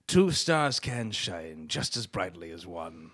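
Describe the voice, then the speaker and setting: A pompous community-theater ham, played by a man who speaks in grandiose declarations. His delivery is slow and theatrical, swooping widely up and down in pitch. The tone is bright and a little high. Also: sing-song, exaggerated voice. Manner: theatrical, self-important, drawn-out delivery. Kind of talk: improvised comedy scene.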